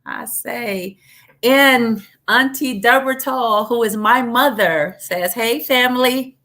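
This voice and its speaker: A woman hosting a livestream interview, talking in an encouraging, animated way. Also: on the high side, slow pace. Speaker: host.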